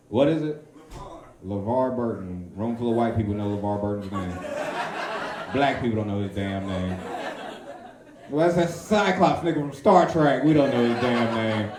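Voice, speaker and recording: Crude swaggering male stand-up comic. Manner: crude, swaggering punchlines with high-pitched character voices. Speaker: stand-up comedian. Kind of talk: stand-up set. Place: comedy club stage. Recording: echoey club room.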